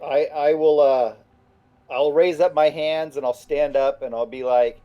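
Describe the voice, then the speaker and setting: A man's voice: a little high, steady tone, a little slow, highs cut off. A man playing a tabletop game, talking in a hesitant, stammering way. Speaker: player.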